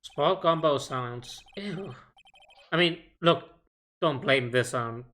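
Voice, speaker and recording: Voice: mid-range voice, slow pace, a bit bright. A streamer reading game lines and cracking goofy jokes with laughing, swearing asides.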